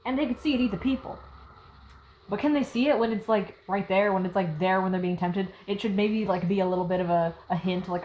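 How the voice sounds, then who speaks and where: A woman's voice: mid-range voice, fast talker, a little mellow, a little hiss or hum, low-quality recording. A young woman giving casual critical commentary, ranting with exasperated sarcasm. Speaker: video essayist.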